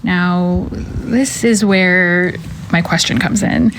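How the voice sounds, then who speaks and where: Woman caller, lower voice, hesitant recorded question, faint hiss behind. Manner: hesitant, many fillers.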